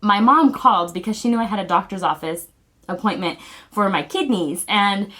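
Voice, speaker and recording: Woman, family vlogger, earnest, heartfelt, halting delivery, mid-range pitch, personal announcement. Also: sharp tone.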